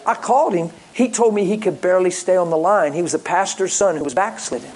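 Lively storytelling preacher, a man. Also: high voice, fast talker, low-quality recording. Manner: lively, jokey, acts out callers in voices. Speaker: pastor. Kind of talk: sermon with storytelling.

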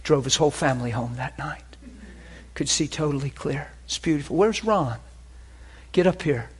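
A man preaching and telling healing stories, swinging between hushed and loud. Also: on the high side, normal speed, slightly rough. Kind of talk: sermon with healing testimony.

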